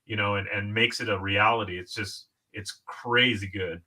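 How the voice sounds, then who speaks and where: A man co-hosting a casual toy chat show, excitable and cursing often. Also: lowish voice, moderate pace. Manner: excitable, swears freely, repeats "dude". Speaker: co-host.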